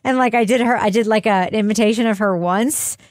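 A woman's voice: mid-range voice, fast talker, no room sound, clean studio sound. A woman hosting a podcast in casual chat, giggly and rambling, often laughing at herself. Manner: giggly, rambling, self-deprecating. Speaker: podcast host.

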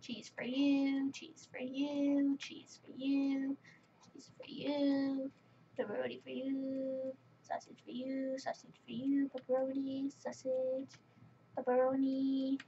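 High-voiced woman commenting on a game. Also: completely flat delivery, slow pace, dark tone, a little hiss or hum. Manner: chatty, exasperated running commentary. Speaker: gaming channel host. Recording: dull lo-fi mic with faint keyboard clicks.

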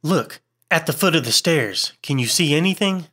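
A man's voice: on the high side, expressive, normal speed, sharp tone, husky, pitched above the performer's own voice, heavily acted. A man doing a hysterical terrified actor. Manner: gasping, shaken, wild.

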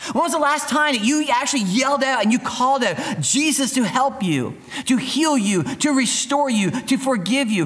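Lively youth pastor, a man preaching. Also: very high-pitched. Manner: lively, conversational, acts out quoted voices. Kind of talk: youth sermon.

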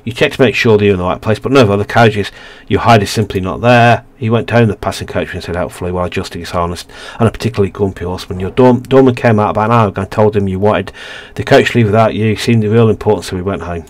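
A man's voice: on the low side, quick pace, few pauses. A man hosting a let's play, reading a narrative game's story aloud with frequent stumbles and restarts.

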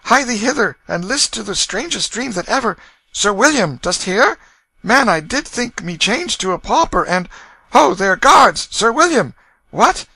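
A man's voice: very high-pitched, expressive, measured pace, gravelly, hardly any pauses, fairly bright tone, no echo, voice pushed up, heavily acted. A man voicing a frantic imperious boy prince. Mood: frantic commanding. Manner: commanding, archaic speech, calling out.

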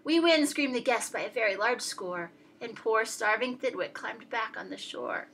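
A woman reading a rhyming picture book aloud in a lively, expressive, sing-song way. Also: a little high, normal speed, vocal fry, slightly rough. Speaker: storyteller.

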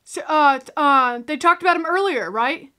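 Bright, high-voiced woman reacting. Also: moderate pace. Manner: animated, exclaiming and joking aloud. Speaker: reaction video host. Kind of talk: casual reaction commentary.

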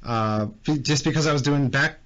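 A man co-hosting a casual podcast, easygoing and quick to agree. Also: medium pitch, fairly bright tone. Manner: easygoing, short agreeing replies. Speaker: podcast co-host. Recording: dull lo-fi call audio.

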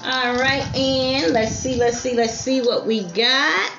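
Woman, jewelry seller on a live stream, slightly high voice, repeats item numbers and calls each piece lovely. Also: slow pace, background noise. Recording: roomy lo-fi stream with faint music.

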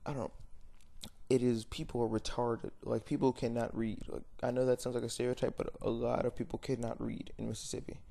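A man's voice: mid-range voice, little pitch movement, brisk, vocal fry, mellow. A young man ranting casually to camera, blunt and rambling, often stopping to correct himself. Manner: rambling, blunt, frequent fillers and self-corrections. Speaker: vlogger. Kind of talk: unscripted rant to camera.

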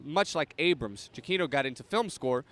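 A man with a fairly high voice chats casually as a podcast guest. He tells his stories with animated energy, often stumbling and restarting mid-sentence. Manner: animated storyteller, fast restarts. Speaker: podcast guest, prop maker. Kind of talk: casual chat.

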